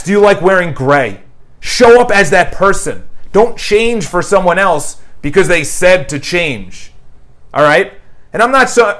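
A man reviewing a book in a casual motivational monologue, emphatic and repeating his points. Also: sits high. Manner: emphatic, repeats phrases, lists questions; quotes an author's dialogue in paraphrase. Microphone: new microphone, home video.

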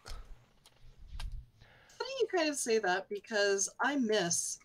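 A woman talking on an online writers' panel in an easy, chatty way, breaking into laughter between phrases. Her voice sits at a middling pitch for a woman, neither high nor low. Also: very animated, very slow.

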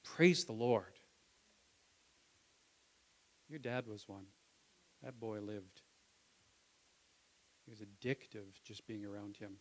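A male pastor preaching a sermon in a casual, conversational way, acting out biblical voices and swinging from soft asides to loud calls. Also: fairly low pitch, slow pace, pauses often, a little hiss or hum.

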